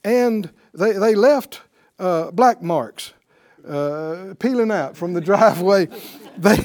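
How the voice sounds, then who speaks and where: A man teaching a Bible class, telling the story in an animated way and chuckling often. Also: high-pitched, slow pace.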